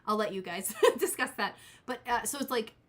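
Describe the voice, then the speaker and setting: A woman's voice: on the high side, moderate pace, slight background noise. A woman in her forties giving a casual live-stream tarot reading, rambling and cutting herself off as she talks to her chat viewers. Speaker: tarot reader.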